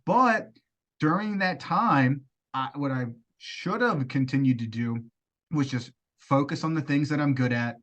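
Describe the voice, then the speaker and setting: A man's voice: fairly high pitch, unhurried, a bit bright. A man co-hosting a podcast, talking candidly and loosely about his own mistakes. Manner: candid, loose, self-deprecating. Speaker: podcast co-host. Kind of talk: casual podcast chat.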